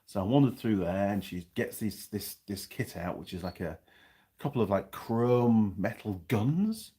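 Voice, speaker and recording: A New Zealand man with a lowish, husky voice tells a story in a relaxed, rambling way. He pokes fun at himself and often restarts a sentence partway through. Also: measured pace. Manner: rambling, self-mocking, restarts mid-sentence. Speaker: vlogger. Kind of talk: casual storytelling.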